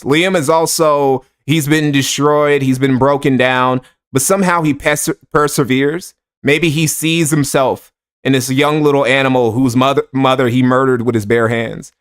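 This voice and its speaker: A man's voice: medium pitch, moderate pace. A man giving sarcastic, profane, rambling commentary on a livestream while reading donations. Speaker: streamer reacting to clips.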